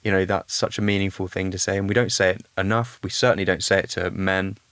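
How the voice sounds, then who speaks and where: Guy as podcast guest, earnest and reflective, lowish voice, dry close sound. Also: steady tone, fast, a bit bright, smooth, no echo. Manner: reflective and earnest, thinking aloud. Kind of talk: candid podcast conversation.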